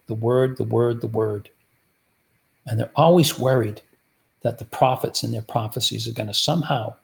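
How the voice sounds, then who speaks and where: A man delivers a sermon in a gravelly, creaky voice of middling pitch. He keeps his listeners involved by posing rhetorical questions and then answering them himself. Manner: rhetorical, repeatedly asks the audience "guess what". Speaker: preacher.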